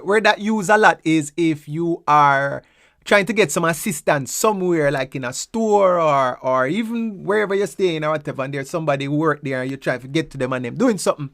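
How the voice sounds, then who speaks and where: A woman's voice: deep voice, no room sound, clean studio sound. A woman with a Jamaican accent explaining everyday phrases in a casual, playful way, repeating words rhythmically to show how they sound. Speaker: presenter teaching local phrases.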